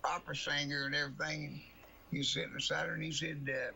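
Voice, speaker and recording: Older man, gravelly and bright, rambling chuckling storyteller, faint room hiss. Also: on the high side, flat delivery, quick pace, low-quality recording. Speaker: guest storyteller. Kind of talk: folksy anecdote telling.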